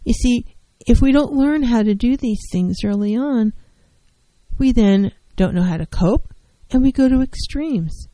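A woman's voice: on the high side, expressive, unhurried, mellow, no room sound, poor audio. A middle-aged woman counselor giving an earnest, emphatic talk on handling feelings, repeating key phrases to drive them home. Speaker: licensed professional counselor. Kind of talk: educational talk on mental health.

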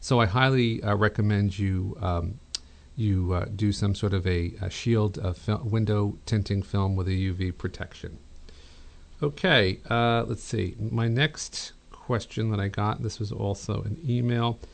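A middle-aged man hosting a call-in home design advice show, chatty and relaxed, with many fillers and restarts. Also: lowish voice, measured pace, gravelly. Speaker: radio show host, interior designer.

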